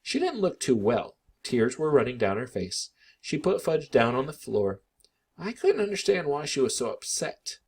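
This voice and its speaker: Animated husky male storyteller. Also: medium pitch, normal speed. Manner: animated, expressive. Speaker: narrator reading a children's book aloud. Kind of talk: expressive read-aloud narration.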